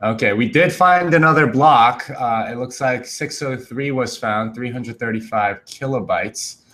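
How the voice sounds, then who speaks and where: A man's voice: medium pitch, unhurried, a bit bright. A man on a remote livestream panel, chatting casually and thinking aloud with many hesitations.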